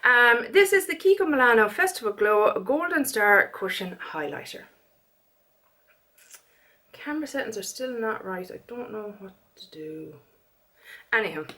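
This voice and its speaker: Bright-voiced chatty Irish woman. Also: on the high side, a little slow, long pauses. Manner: chatty, animated, prone to rants. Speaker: beauty vlogger. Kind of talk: casual chatty haul vlog.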